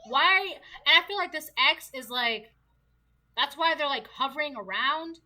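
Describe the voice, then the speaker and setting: A woman's voice: high voice, animated, measured pace, bright, forceful tone, rough recording. A woman giving a casual tarot reading to her viewers, chatty and repetitive, often asking rhetorical questions. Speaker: tarot reader.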